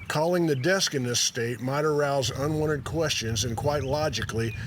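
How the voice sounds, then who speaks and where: A man's voice: mid-range voice, slight background noise. Laid-back man telling a story. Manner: laid-back and self-deprecating, laughing as he reads. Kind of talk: casual storytelling read from a memoir.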